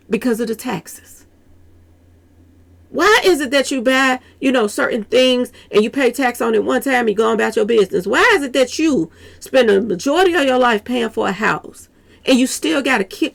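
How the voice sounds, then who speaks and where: A woman reacts to a clip for her viewers, her voice pitched a little high and swinging widely. A gravelly edge runs through her talk, and she turns to the audience with "y'all" again and again. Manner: animated, repeats "y'all" often, talks straight to viewers. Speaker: commentary channel host. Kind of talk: reaction commentary.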